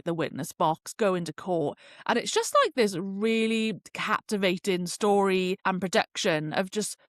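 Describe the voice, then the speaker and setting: A young woman chats on her own podcast, rambling along and leaning on "like" as a filler. Her voice sits at an ordinary pitch. The recording is dry and close. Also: fairly bright tone, no room sound. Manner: chatty and rambling, full of "like" fillers. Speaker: podcast host. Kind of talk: casual solo podcast chat.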